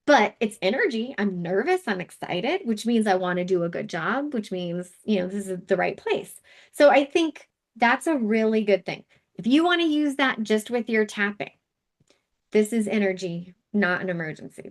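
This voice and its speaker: A woman's voice: medium pitch, lively intonation, moderate pace. A woman hosting a casual live wellness session, talking in a chatty, candid way with asides and fillers.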